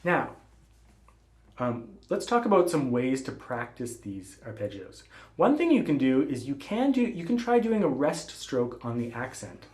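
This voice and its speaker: A man giving a classical guitar lesson, explaining technique calmly and patiently and calling out finger letters. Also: mid-range voice, measured pace. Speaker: guitar teacher. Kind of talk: spoken instruction between playing. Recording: roomy sound with guitar playing.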